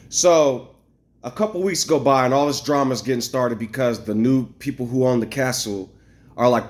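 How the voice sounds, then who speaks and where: A man telling a long, rambling story to camera, animated and profane, acting out what others said. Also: mid-range voice. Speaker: vlogger. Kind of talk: casual storytelling rant.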